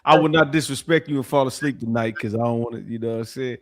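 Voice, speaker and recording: A man speaking as a guest on an online panel, low-key and drawling with lots of slang. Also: quick pace, a bit bright. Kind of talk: casual panel banter.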